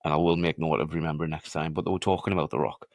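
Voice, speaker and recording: A man with a very deep voice co-hosts a casual podcast. He retells film scenes with sweary, eager enthusiasm. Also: level tone, rapid-fire, darkish tone, dry recording, studio quality. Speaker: podcast co-host. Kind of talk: casual movie chat.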